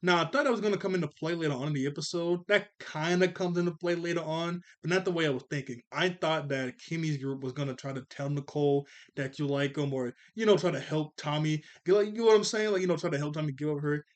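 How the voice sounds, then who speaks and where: Chill twenty-something guy rambling through a cartoon review, fixes his own slips, slightly high voice. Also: fast talker, hardly any pauses. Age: 20s. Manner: rambling, laid-back, self-correcting. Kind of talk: casual review chat.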